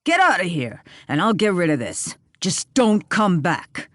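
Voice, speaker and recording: Woman voicing a gruff, demanding man. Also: on the low side, very animated, measured pace, fairly bright tone, no echo, studio quality, heavily acted. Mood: harsh. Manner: demanding, barks questions. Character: gruff commanding man, harsh and suspicious.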